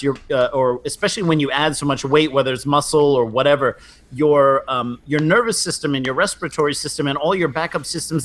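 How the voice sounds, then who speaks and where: A man in casual sports chat, talking in a measured, analytical way with frequent fillers. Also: a little high, a bit bright. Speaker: podcast co-host.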